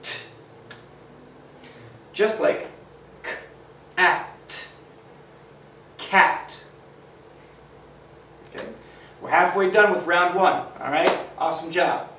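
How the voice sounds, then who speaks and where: Male teacher for a kids' phonics lesson, slow and encouraging, a bit high, echoey room. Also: steady tone, pushed and bright, slight background noise. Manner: slow, encouraging, sounds out letters. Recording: echoey room, mic at a distance.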